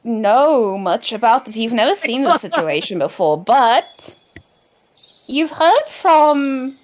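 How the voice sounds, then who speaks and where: A woman narrating as game master of an improvised tabletop game, in a gentle, unhurried way. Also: a little high, sing-song.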